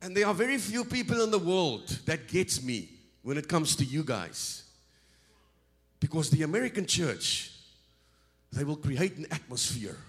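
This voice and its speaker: A middle-aged man from South Africa preaching as a guest speaker. His voice sits a bit high for a man, and he stumbles over and repeats words as he builds. He keeps rising into loud, animated bursts. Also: unhurried. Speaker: visiting preacher. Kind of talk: sermon.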